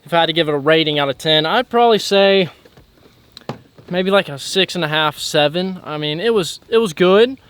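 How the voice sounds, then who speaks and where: A young man hosting a casual fishing vlog outdoors from a lake bank, excitable and hyped up when he hooks fish. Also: a little high, normal speed, clean tone. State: out of breath. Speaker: fishing channel host.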